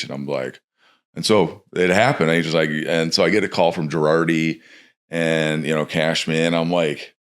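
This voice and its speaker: A man's voice: extremely low pitch, fairly even intonation, normal speed, a bit bright, clean tone. A man from Chicago, a former pro baseball player, talking casually as a podcast guest and acting out quotes as he speaks.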